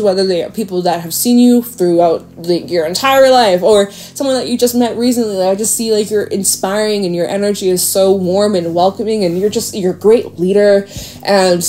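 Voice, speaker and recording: A woman's voice: medium pitch, mellow. A woman giving a casual tarot reading to camera, chatty and rambling, with frequent fillers and the odd swear. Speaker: tarot reader. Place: home with a dog nearby.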